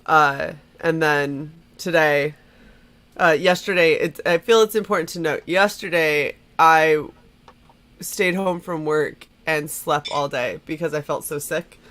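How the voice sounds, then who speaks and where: A woman's voice: sits low, a little slow, fairly bright tone. A congested woman chatting casually as a player, laughing often. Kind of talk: casual chat.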